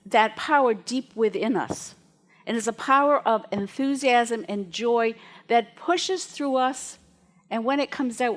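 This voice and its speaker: A woman minister preaches to her congregation with a slightly high voice. She tells stories in a chatty, lively way and often laughs along the way. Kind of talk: storytelling sermon to a congregation.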